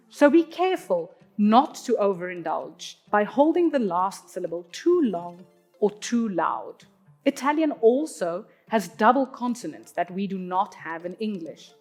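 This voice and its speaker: A woman, an opera singer, giving a clear, teacherly singing lesson and sounding out Italian words as she explains. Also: medium pitch, a little mellow. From South Africa. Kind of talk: instructional talk on singing.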